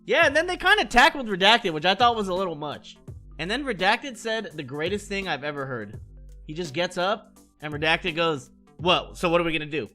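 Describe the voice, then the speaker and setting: A man excitedly recapping a wild night to his stream, swearing and jumping between voices as he tells it. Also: normal speed, faint music behind. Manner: excitable, swears, acts out quotes with big pitch swings. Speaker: streamer telling stories. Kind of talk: animated storytelling recap.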